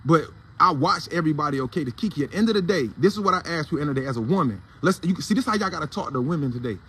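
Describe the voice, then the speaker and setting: Racing and animated, this morning commentary host has a high, somewhat bright voice with a breathy edge. He speaks with an African American Vernacular English accent, and his casual commentary is blunt, heated, profane, and preachy.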